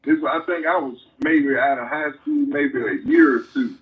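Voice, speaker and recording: A man calling in to a livestream, relaxed and amused as he tells a story. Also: a little high, moderate pace, dull audio. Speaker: caller. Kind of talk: casual storytelling on a call.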